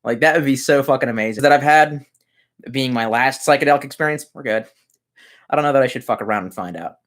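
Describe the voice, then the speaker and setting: A man's voice: mid-range voice, fast, a bit bright. A man streaming from his messy room at home, chatting casually as he reads out viewer comments, rambling and swearing and muttering asides. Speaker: livestreamer reading chat comments. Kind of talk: casual livestream chat.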